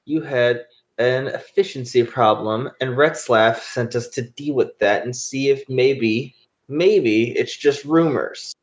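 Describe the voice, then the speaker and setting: A man talks in character during a tabletop game, brash and pushy. He pitches his voice in an ordinary middle range. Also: slow pace. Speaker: player.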